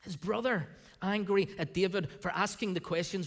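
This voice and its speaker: Animated male pastor preaching in a hall. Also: sits high, a little fast. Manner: animated preaching, acting out the voices of the people in the scripture he reads. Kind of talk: sermon. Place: church sanctuary.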